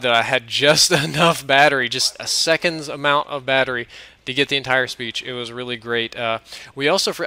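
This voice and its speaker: A man's voice: medium pitch, sharp tone, clean tone. A young man from the American South telling a rambling, self-mocking story over gameplay in a casual commentary. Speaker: gaming commentator.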